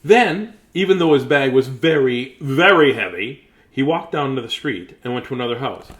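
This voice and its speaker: A man's voice: mid-range voice, animated, normal speed, background noise. A man reading a picture book aloud, chuckling and adding chatty asides to the listeners. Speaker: storybook reader.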